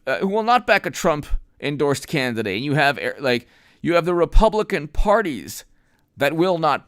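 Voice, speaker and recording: A man hosts a political commentary stream off the cuff. His smooth, resonant voice sits at an ordinary pitch, and he rambles and stresses points emphatically. The sound is dry and close. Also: fairly bright tone, no echo. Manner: rambling, emphatic, with frequent restarts; reads out viewer names and thanks them. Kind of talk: unscripted political commentary livestream.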